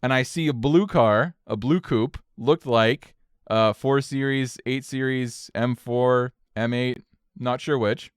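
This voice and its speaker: Animated, profane storyteller man. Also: medium pitch, slow, clean tone, no room sound, clean studio sound. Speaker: podcast co-host. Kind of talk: casual storytelling chat.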